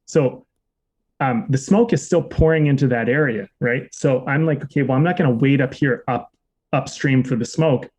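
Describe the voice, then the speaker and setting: A man on a podcast telling a personal story in a relaxed, casual way, full of "like" fillers and the odd swear word. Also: mid-range voice, moderate pace, slightly rough. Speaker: podcast co-host.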